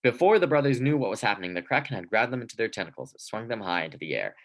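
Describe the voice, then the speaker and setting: A man narrating a storybook aloud in a lively, expressive way. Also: lowish voice, rapid-fire, low-quality recording. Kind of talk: storybook reading.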